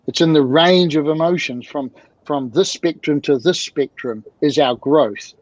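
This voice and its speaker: A fairly high-voiced man talks as a guest mentor, animated and driving his points home with repeated rhetorical questions. The sound is dull and lo-fi, with a dry, close feel and no room around it. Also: measured pace, dry recording. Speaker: guest, emotional communication mentor. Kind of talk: video-call interview talk.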